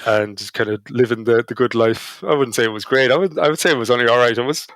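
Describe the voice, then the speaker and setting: A man's voice: mid-range voice, fast talker, a bit bright, no echo. A man with an Irish accent, a podcast guest telling anecdotes in a casual, self-deprecating way. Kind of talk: casual storytelling chat.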